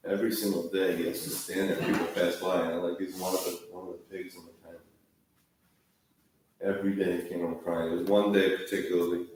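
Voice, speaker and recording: A man's voice: low voice, flat delivery, fairly quick, a little mellow, slight background noise. A man telling a story in a sermon at a Tisha B'Av gathering, in a casual, repetitive way. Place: large hall, sitting on the floor. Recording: echoey hall from far off.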